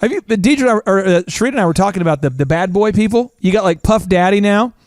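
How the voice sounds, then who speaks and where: A middle-aged man with a fairly high voice tells stories on a podcast, animated and self-mocking, full of jokes at his own expense. The sound is dry and close, with no room around it. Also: racing, dry recording. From Oklahoma. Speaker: podcast host. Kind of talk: casual chat.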